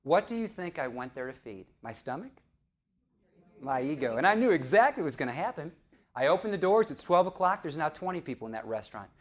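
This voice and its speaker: Lively middle-aged storyteller man. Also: a little high, brisk. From St. Louis, USA. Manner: animated, playful, quizzes the audience. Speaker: professional speaker. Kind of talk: storytelling keynote speech.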